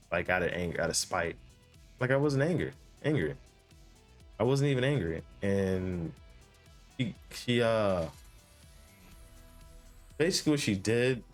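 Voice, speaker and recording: A young man telling a casual story about his life in a vlog, rambling with many restarts and fillers and some swearing. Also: on the low side.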